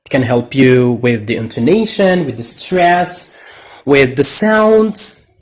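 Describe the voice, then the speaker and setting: A man teaching English pronunciation in a deliberate way, with Arabic as his first language, exaggerating stressed words as he models them. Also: medium pitch, expressive. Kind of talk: pronunciation lesson.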